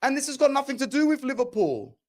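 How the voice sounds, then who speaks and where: A man's voice: extremely high pitch, sing-song, quick pace. A young man hosting a football podcast, ranting passionately and opinionated in casual slang. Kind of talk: opinionated sports talk.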